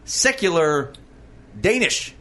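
A man's voice: high voice, big pitch swings, pushed and bright. A man hosting a quiz segment on a podcast, joking and punning between questions. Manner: jokey, quick asides, laughs at own puns. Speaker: quiz host. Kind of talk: playful radio quiz banter.

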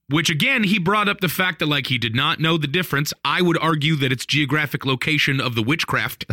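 A married man casually telling a funny story on a podcast, animated, laughing often, with plenty of fillers. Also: on the high side, a little fast, few pauses, no echo, clean studio sound. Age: adult, married. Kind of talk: casual chat.

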